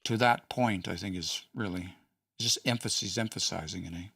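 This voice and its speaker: Low-voiced man thinking aloud. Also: moderate pace, creaky, pushed and bright, no echo, studio quality, recorded from a distance. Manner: thinking aloud, hesitant, with chuckles. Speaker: host studying a language. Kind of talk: casual livestream study session.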